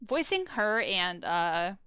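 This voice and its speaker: A woman's voice: mid-range voice, very animated, slow, sharp tone, a little hiss or hum. A young woman casually commenting on a game she is playing, rambling with lots of fillers. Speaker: let's play host. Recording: game music behind.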